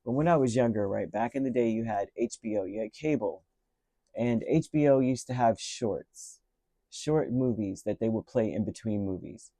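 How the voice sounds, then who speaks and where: A man's voice: mid-range voice, animated, moderate pace, creaky, mellow, dry recording. A middle-aged man giving a casual, rambling tarot reading and telling a story along the way, with many restarts. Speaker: tarot reader.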